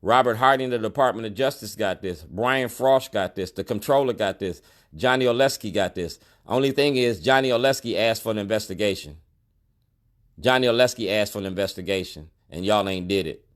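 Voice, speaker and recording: His pitch fairly low and his pace a little fast, a middle-aged man who keeps a store and vlogs about activism faces the camera. The monologue is a protest, casual in wording yet emphatic, with his key phrases repeated.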